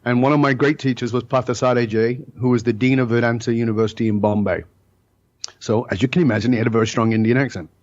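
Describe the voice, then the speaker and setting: A man's voice: medium pitch, fairly even intonation, fast talker, darkish tone, highs cut off. A middle-aged man telling stories as a podcast guest, emphatic and blunt, with the occasional curse word. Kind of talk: storytelling in a podcast interview.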